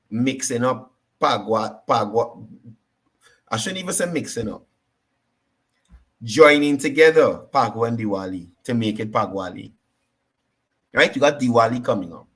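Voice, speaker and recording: A man's voice: medium pitch, a bit bright, husky. A man with a Guyanese accent hosting a political talk show, combative and repeating his points for emphasis. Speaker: political commentary host.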